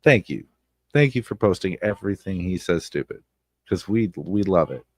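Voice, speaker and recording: Low-voiced man ranting on a stream. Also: expressive, normal speed. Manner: blunt, swears freely, repeats himself, loud outbursts. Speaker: streamer commenting on online drama. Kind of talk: casual profane commentary stream. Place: home streaming setup. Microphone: close streaming mic.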